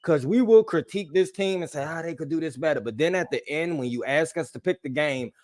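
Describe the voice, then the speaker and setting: A man hosting a casual sports chat, animated and joking. His voice jumps between loud bursts and quiet asides. It is recorded dry and close, with no room sound. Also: a little high, brisk, dry recording. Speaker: podcast host.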